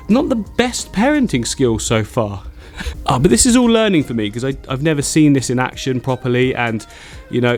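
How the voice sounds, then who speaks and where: A man vlogging about his aquarium, excitable and chatty, laughing often between remarks. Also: mid-range voice. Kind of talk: excited casual vlog narration.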